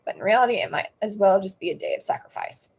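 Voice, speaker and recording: A woman's voice: mid-range voice, expressive, fast, vocal fry, darkish tone, breathy edge, poor audio. A young woman streaming live, reading her own story aloud and chatting, often stumbling and correcting herself mid-sentence.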